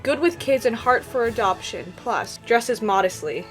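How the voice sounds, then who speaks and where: A young woman giving sarcastic, animated comedic commentary on videos, with laughing asides. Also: fairly high pitch, unhurried, soft background music. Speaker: reaction video creator.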